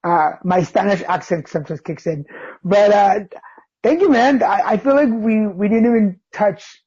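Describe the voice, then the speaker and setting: A male podcast host chatting casually with a guest, loose and full of ums and easy laughter. His voice sits in the middle range with a slightly husky edge. The recording is dull and lo-fi. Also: high-pitched, moderate pace. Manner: relaxed, filler-heavy, laughing. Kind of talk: casual interview. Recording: dull lo-fi sound.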